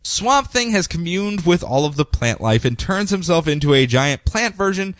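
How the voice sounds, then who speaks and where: A man co-hosting a podcast, casually recapping comic book stories in an animated way and slipping into quick character voices. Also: sits high. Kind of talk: casual chat.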